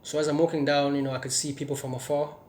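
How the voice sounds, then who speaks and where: A man's voice: on the high side, little pitch movement, fast, darkish tone, slight background noise. Earnest young man telling his testimony. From South Africa. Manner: earnest, with frequent fillers and restarts; stutters sometimes. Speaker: testimony speaker. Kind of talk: personal testimony.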